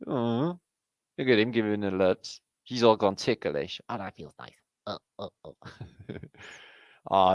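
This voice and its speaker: A British man hosting a show, chatting casually and excitedly about pictures he is looking at, rambling and swearing freely. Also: low-pitched, creaky, no room sound. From Britain. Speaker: host.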